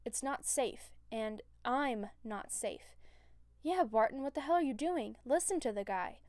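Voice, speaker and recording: A woman's voice: sits high, expressive, a little fast, mellow, no room sound, studio quality. A woman voicing an easygoing male archer who talks in a casual, offhand way.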